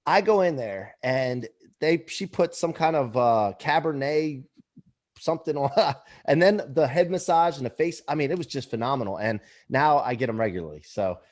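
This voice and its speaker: A man's voice: mid-range voice, expressive, normal speed. A man hosting a casual interview, joking and laughing along with his guest. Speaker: podcast host.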